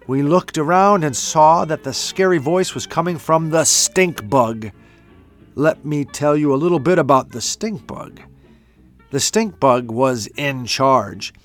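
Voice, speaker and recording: A man narrating a children's storybook in a gentle, playful read-aloud. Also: mid-range voice. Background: faint music.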